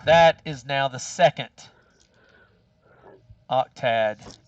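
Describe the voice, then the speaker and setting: A man narrating as game master of a tabletop game, relaxed and full of fillers. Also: mid-range voice, very slow, recorded from a distance, highs cut off, slight background noise.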